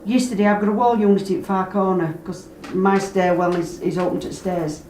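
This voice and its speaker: Woman, chatty storyteller, mid pitch, roomy distant recording. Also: a little fast. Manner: animated, acts out quoted voices, dialect grammar. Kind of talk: casual storytelling. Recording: roomy, distant mic, background noise.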